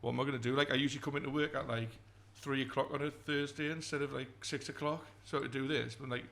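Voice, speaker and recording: A man's voice: medium pitch, steady tone, fast, gravelly, a bit bright. A man co-hosting a podcast in casual chat, laughing often, with a slight lisp from a pulled tooth. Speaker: podcast co-host.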